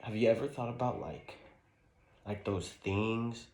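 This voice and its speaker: A man's voice: lowish voice, fairly even intonation, a little mellow, pitched above the performer's own voice. A man playing a pair of young college bros in a skit, trading slangy banter full of "bro" and "man.". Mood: joking banter. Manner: laid-back, drawn-out "bro" and "man" slang.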